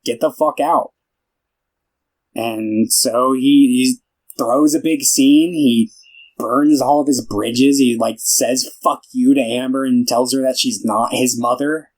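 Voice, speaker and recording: A man on a podcast rambles through a film recap, with plenty of "like" and "uh" as he loses and finds his thread. His voice sits at an ordinary pitch for a man. He keeps it loose and conversational. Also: steady tone, slow pace, darkish tone, poor audio. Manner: rambling, filler-heavy, lots of "like" and restarts; retells scenes by acting out the characters' lines. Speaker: podcast co-host. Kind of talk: casual film recap chat.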